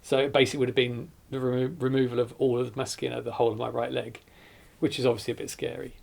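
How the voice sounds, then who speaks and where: Gravelly man recounting an ordeal. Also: mid-range voice, little pitch movement, a little mellow. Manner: earnest, halting recounting with self-corrections. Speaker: survivor telling his story. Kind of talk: documentary interview recollection.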